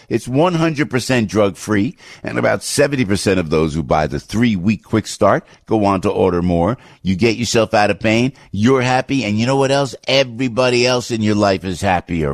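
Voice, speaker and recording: A man with a New Jersey accent hosting a radio talk show, loud and animated, reading ads and taking calls, repeating catchphrases. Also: medium pitch, no echo, clean studio sound. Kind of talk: live ad read and call-in radio chat.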